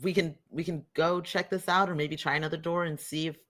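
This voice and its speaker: A tabletop game player who rambles and thinks out loud while deciding what their character does. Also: medium pitch, fairly even intonation, a little fast. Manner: rambling, giggly, thinks aloud. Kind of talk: tabletop role-play chat.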